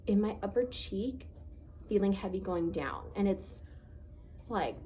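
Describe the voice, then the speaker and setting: Woman vlogger, swollen face, casual storytelling, lots of filler words, mid-pitched. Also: measured pace, warm tone, slight background noise, low-quality recording. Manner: chatty, frequent "like" fillers; earnest, faith-minded reflection. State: swollen face, talking through dental pain.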